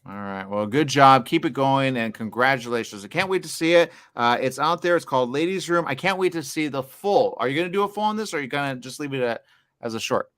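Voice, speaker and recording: Quick jokey guy interviewing filmmakers, trips over his words a lot. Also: mid-range voice, a bit bright, clean tone. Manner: fast, stammering, jokey. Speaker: festival interviewer. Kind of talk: casual red-carpet interview.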